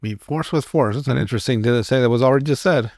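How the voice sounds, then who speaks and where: A man's voice: medium pitch, racing, a little mellow, no echo, clean studio sound. A man co-hosting a podcast, chipping in with wry jokes and short reactions in a casual chat. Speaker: podcast co-host.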